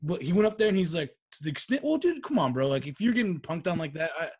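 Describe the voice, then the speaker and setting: A young man on a podcast telling stories in a casual, animated way, acting out what others said. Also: a little high, fast talker, slightly rough. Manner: animated, swearing, acts out quotes. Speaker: podcast co-host. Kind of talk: casual storytelling chat.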